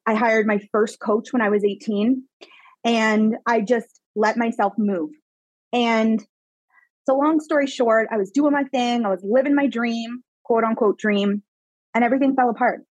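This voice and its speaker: Animated woman telling her story, dry sound. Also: a little high, measured pace, no room sound, poor audio. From Canada. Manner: animated, emphatic, frequent "like" fillers. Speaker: guest, psychic medium mentor. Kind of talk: personal storytelling in a podcast interview.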